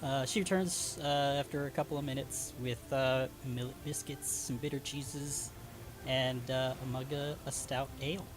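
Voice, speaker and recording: A game master narrating a tabletop role-playing scene who laughs often and fills pauses with "uh" and "um". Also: medium pitch, fairly even intonation. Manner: laughs often, filler-heavy.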